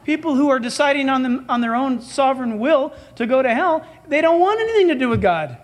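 A man with a very high voice delivers a sermon with sweeping, animated pitch. He preaches emphatically and dramatically, slipping into quoted dialogue as he goes. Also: brisk. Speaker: pastor.

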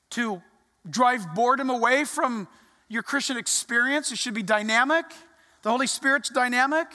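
Animated pastor preaching in a reverberant church. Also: medium pitch. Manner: animated, conversational, acts out quotes. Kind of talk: sermon. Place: church sanctuary.

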